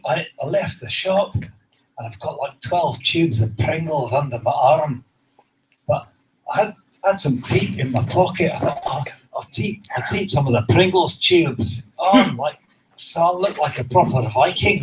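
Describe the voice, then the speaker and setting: A man's voice: a little high, background noise. A man telling a long, rambling stand-up story with dry, self-deprecating understatement. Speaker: comedian.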